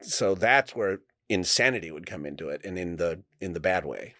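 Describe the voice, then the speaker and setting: A man with a fairly low voice talks things through in a relaxed podcast chat. He is reflective and frank, swearing casually. The sound is dry and close, with no room around it. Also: normal speed, no room sound. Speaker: podcast regular.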